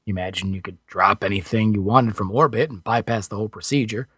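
A man reading a novel aloud as a narrator, in a steady storytelling delivery. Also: fairly low pitch, fast talker, breathy edge, no room sound, clean studio sound. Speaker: audiobook narrator. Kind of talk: scripted narration.

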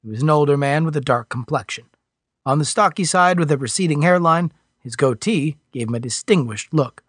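A man reading a science fiction audiobook in scripted narration with expressive, varied delivery. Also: fairly high pitch, fairly quick, breathy edge, no room sound, clean studio sound.

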